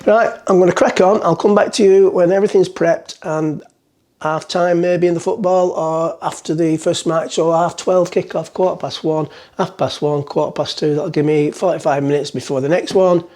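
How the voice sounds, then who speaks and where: A man chats his way through a cooking vlog in his home kitchen. His voice sits a little high, and he rambles, cracks jokes and mutters to himself as he preps the food. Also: steady tone, normal speed, a little mellow. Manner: rambling, jokey, talks to himself while cooking. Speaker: cooking vlogger. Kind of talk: casual cooking vlog chat.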